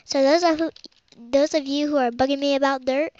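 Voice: sits high, a little fast. A child rambling through game commentary as host of their own let's play, with muttered asides. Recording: dull lo-fi home recording.

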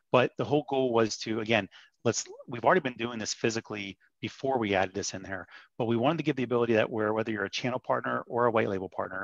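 A man's voice: lowish voice, a bit bright, no room sound. A man presenting as a vendor in a webinar, upbeat and persuasive with frequent restarts. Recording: dull muffled dry audio.

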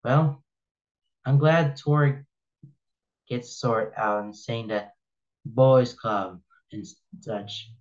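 A man's voice: mid-range voice, very slow, long pauses, muffled recording. A man giving casual commentary as he reads posts aloud, rambling and opinionated, often repeating himself and restarting sentences. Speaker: reaction video host.

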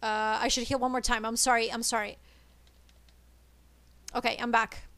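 A woman streaming a co-op game, chattering nervously and excitedly as she plays. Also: on the high side, moderate pace, no echo. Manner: excitable, nervous, switches between English and Italian. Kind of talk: live gameplay chatter.

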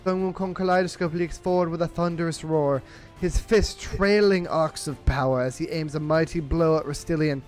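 A man's voice: steady tone, normal speed, darkish tone, soft background music, lightly acted. A man voicing a theatrical British fight announcer with a put-on Cockney accent, reading out a battle story in a grandiose way. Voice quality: booming, grandiose, pompous.

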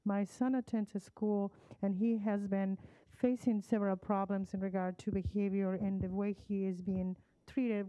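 A woman's voice: mid-range voice, dark tone, no echo, poor audio. A woman speaking as a parent at a public meeting, earnest and formal, emotional as she chooses her words carefully. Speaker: parent giving public comment.

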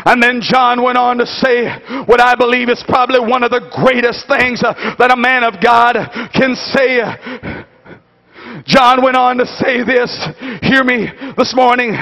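High, bright-voiced preacher shouting rhythmic sermon. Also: male voice, level tone, a little slow, gravelly. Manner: emphatic, rhythmic repetition, shouted build-ups. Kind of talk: Pentecostal sermon. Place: church conference hall.

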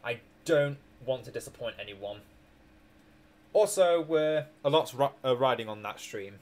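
A man's darkish, medium-pitched voice moves a little slowly but with lively intonation as he streams a strategy game. Tired and hiccuping, he rambles over his plays, chuckling and correcting himself with frequent restarts in casual commentary.

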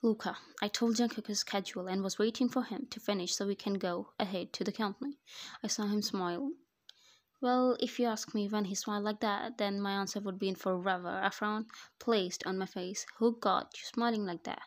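A woman's voice: mid-range voice, fairly even intonation, a little fast. A woman narrating her own fan fiction story in the first person, in a conversational voice-over. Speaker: narrator and author.

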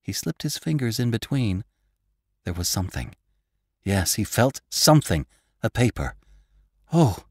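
Deep, lively male audiobook narrator. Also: moderate pace, pauses often, dry recording, clean studio sound. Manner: expressive, voices characters with raised pitch. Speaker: podcast host and audiobook narrator.

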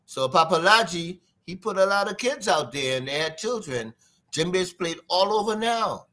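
A man with a Trinidadian accent, a guest drummer telling stories in an interview, lively and sing-song, imitating drum sounds. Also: high-pitched, normal speed. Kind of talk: animated storytelling interview.

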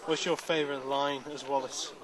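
A man's voice: mid-range voice, level tone, moderate pace, low-quality recording. Male reporter outdoors, crowd audible behind. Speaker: reporter and interviewer. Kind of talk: news intro and interview questions.

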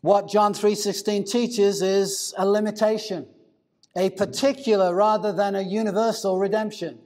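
A man preaching a sermon in a higher-than-usual voice. He is deliberate and emphatic, drawing out important words and slowing down for stress. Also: fairly even intonation, darkish tone. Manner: deliberate, emphatic, stretches key words slowly. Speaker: pastor.

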